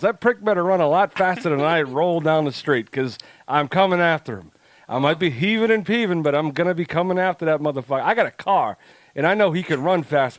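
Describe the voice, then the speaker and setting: A man's voice: fairly high pitch, no echo. A man co-hosting a podcast, ranting in crude, joking, casual banter. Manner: loud, crude, joking rants. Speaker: podcast co-host.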